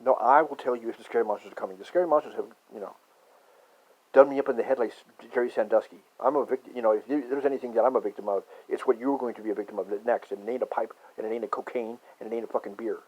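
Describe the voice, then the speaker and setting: A man in a rambling, profane conspiracy rant that swings from muttering to shouting. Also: medium pitch, racing, slightly rough. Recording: dull lo-fi recording.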